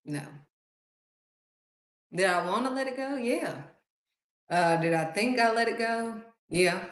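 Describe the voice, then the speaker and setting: A woman's voice: fairly high pitch, lively intonation, takes it slowly. A woman giving heartfelt spiritual encouragement in a conversational preaching style, repeating phrases for emphasis. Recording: roomy echo.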